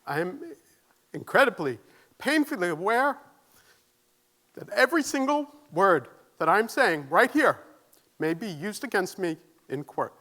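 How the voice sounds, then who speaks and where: A man's voice: sits high, sing-song, a little slow, long pauses, sharp tone. A man giving a conference keynote, nervous but earnest, asking the audience questions and joking at his own expense. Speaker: keynote speaker. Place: conference stage.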